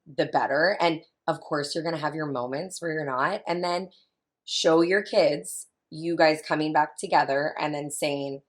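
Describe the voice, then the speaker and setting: A woman's voice: low voice, a little slow. A woman in her thirties, a family consultant, talking in a chatty, emphatic way and repeating her key points as a guest in an interview. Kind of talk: casual interview talk.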